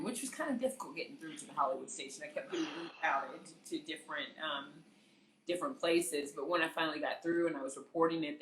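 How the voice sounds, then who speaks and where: A woman, an entertainment journalist, telling a personal story in conversation as an interview guest, acting out what others said with lively energy. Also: deep voice, roomy sound, slight background noise, low-quality recording. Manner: animated, vividly re-enacts the voices of others.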